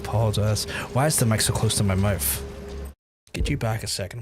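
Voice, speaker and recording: A man's voice: lowish voice, fairly quick. A man in a casual gaming livestream who rambles and swears often while he talks to chat. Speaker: gaming streamer. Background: game music.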